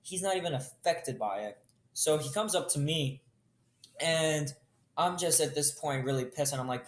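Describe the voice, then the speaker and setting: A young man improvising a story casually, rambling with quick jokes and asides. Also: on the high side. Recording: roomy echo.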